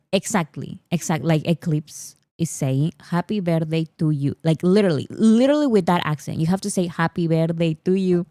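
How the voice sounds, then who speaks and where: A woman's voice: on the low side, dark tone, dry recording, studio quality. A woman from Peru, chatting casually on a livestream and laughing often. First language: Spanish. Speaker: livestream host.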